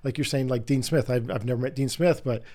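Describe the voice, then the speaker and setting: A middle-aged man hosting an interview, telling long, animated anecdotes in a casual, rambling way. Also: medium pitch, quick pace. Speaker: podcast host.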